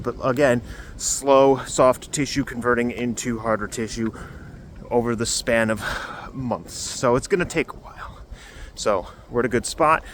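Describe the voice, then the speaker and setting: A man's mid-range, fairly bright voice comes through a handheld camera with slight hiss or hum as he walks outside on a cold day. The vlogger offers a loose, filler-filled health update on his recovery, sounding muffled through a face covering at first.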